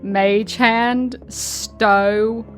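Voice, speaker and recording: A woman's voice: fairly high pitch, fairly even intonation, drawn-out words, soft background music. A woman playing a tabletop game, eager and playful as she declares her actions. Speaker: player. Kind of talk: tabletop role-play banter.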